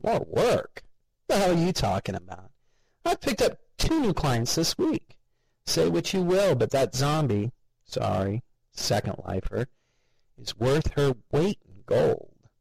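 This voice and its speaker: A man voicing a gossipy, greedy male office coworker in a higher, excitable voice. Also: takes it slowly, creaky, slightly rough, no echo, full character voice, poor audio. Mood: excited.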